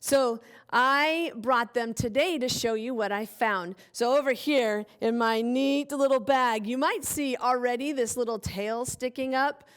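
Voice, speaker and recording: A woman teacher giving a playful phonics lesson for young children, stretching out words and talking in an exaggerated, animated way. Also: on the high side, unhurried, few pauses, smooth.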